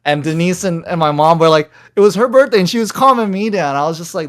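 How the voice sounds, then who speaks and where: Animated man telling a story. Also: fast talker, few pauses. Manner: animated storyteller, swings from low mumbling to loud outbursts. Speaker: podcast co-host. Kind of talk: casual chat.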